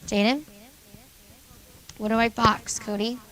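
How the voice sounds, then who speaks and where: A woman teacher going over grammar exercises with a junior high class, calling on students by name and confirming their answers. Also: little pitch movement, slow, a bit bright, low-quality recording. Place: school classroom.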